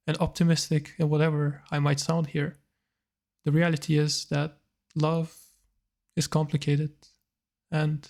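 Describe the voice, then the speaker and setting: A man speaks in a reflective monologue, thinking aloud with hesitant pauses. His voice is a touch higher than most men's and has a gravelly, creaky edge. He keeps his tone level, with little rise and fall. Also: darkish tone. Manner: thoughtful, hesitant, musing aloud. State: slightly tearful.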